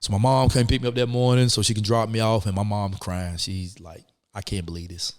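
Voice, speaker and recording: Man, interview guest, storytelling, deep voice, reverberant sound. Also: fairly quick, clear, resonant tone. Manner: animated, acts out quoted people.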